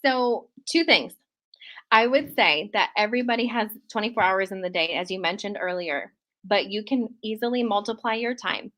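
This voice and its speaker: A woman's voice: mid-range voice, moderate pace, a bit bright. Upbeat emphatic woman guest. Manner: upbeat and emphatic, laughs often. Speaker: podcast guest, author. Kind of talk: casual interview chat.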